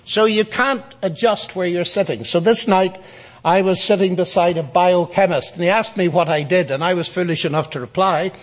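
A man's voice: high-pitched, normal speed. A man giving a public lecture, telling a story in a wry, storytelling manner. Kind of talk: lecture with anecdote.

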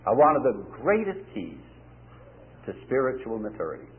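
A man preaching a sermon, telling a story in a lively way and acting out the people he quotes. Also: mid-range voice. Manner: animated storytelling, acts out quoted voices. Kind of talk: sermon with anecdote. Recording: tinny lo-fi cassette tape.

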